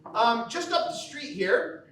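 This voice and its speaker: A man's voice: extremely high pitch, lively intonation, slow, fairly bright tone, slight background noise. A man from the American Midwest giving a conversational lecture at a school banquet, often checking in with the audience by asking "okay?". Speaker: teacher. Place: large banquet hall. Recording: echoey hall, from far off.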